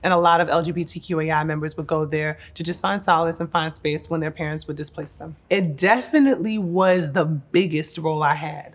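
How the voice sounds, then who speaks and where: A woman in her thirties from Newark, New Jersey, talking through her acting career in a casual, heartfelt and playful way. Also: low-pitched. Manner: effusive and heartfelt, with playful asides. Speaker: actress.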